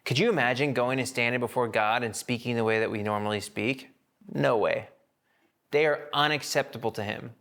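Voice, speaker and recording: A man teaching a Bible study to a small group in a casual, blunt, animated way, slowing down when he reads scripture. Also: medium pitch, creaky. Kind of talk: lively Bible study talk.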